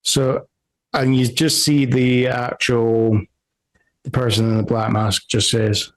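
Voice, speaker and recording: Slow, rambling male game master. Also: mid-range voice, level tone, low-quality recording. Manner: rambling, self-correcting. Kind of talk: narrating a tabletop game.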